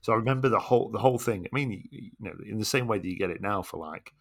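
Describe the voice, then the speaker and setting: A man's voice: fairly low pitch, rapid-fire, vocal fry. A man co-hosting a casual podcast, reminiscing in rambling, reflective talk. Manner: short agreeing replies, rambling reminiscence. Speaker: podcast co-host. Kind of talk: casual chat.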